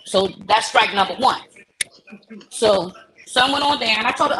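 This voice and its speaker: A woman hosting a live chat, telling an animated story and acting out the dialogue. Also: on the high side, normal speed, rough recording. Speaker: host.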